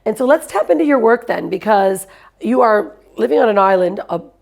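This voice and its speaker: A woman's voice: fairly high pitch, animated, moderate pace, vocal fry, a little mellow. A woman hosting an online summit, introducing guests with effusive enthusiasm over a video call. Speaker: show host.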